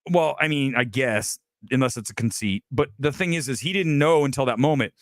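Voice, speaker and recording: A man's voice: medium pitch, a little fast, no room sound, clean studio sound. A man hosting a film review livestream, talking bluntly and emphatically with self-assured opinions. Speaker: film critic host.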